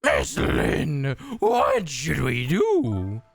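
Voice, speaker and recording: A man voicing a small, loyal, fretful dog who speaks softly and slowly. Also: mid-range voice, huge pitch swings, creaky, over music, exaggerated voice.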